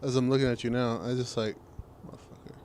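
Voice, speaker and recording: A young man co-hosting a casual podcast, telling an animated, profane story about a stranger. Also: medium pitch, fast talker. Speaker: podcast co-host. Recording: faint background noise.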